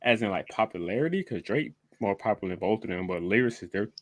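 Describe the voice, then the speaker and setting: A man's voice: fairly low pitch, animated, quick pace, dry recording. A young man co-hosting a casual podcast debate, blunt and dismissive.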